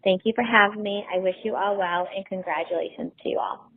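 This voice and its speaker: A woman's voice: mid-range voice, fairly even intonation, fairly quick. A woman reading a heartfelt tribute to her late father in an earnest way. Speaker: daughter giving a tribute. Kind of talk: read tribute speech. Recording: tinny phone-like sound.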